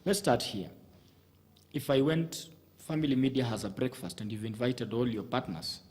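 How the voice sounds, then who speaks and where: A man's voice: medium pitch, moderate pace, darkish tone. A man giving communication advice in a TV studio, speaking methodically, listing his points and often restarting his sentences. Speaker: communication coach guest.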